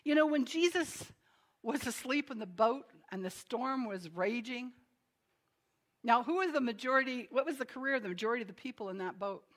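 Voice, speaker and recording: A woman preaching to a congregation with a slightly high voice. She talks to them like friends, with laughing asides and dramatic pauses. Her loudness swings from soft, drawn-out lines to sudden shouted commands. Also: lively intonation. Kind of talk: sermon.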